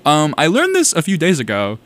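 A man's voice: fairly high pitch, huge pitch swings, fairly quick, fairly bright tone. A young man from South Carolina hosting a college radio show, chatting casually in a rambling, self-correcting, enthusiastic way.

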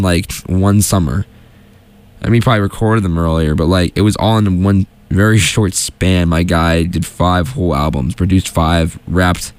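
A man's voice: low-pitched, a little mellow. A young man hosting a solo show from a small studio, chatting casually and rambling with lots of fillers and restarts. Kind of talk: casual solo radio chat.

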